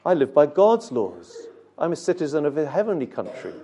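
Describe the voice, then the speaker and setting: A man's voice: on the high side, big pitch swings, brisk, mellow, slightly rough. A man preaching a sermon, speaking earnestly and directly to his listeners with rhetorical questions and occasional repeated words.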